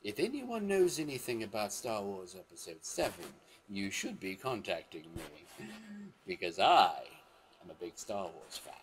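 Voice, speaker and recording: In a relaxed storytelling monologue for his vlog, a man with a fairly low, sing-song voice takes his time. He wanders off track, fixes his own wording, and suddenly exclaims now and then.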